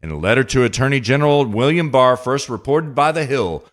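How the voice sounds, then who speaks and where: A man's voice: medium pitch, lively intonation, a little fast. A man hosting a podcast, reading news aloud and commenting emphatically in a political monologue, speaking straight to his listener. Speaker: podcast host.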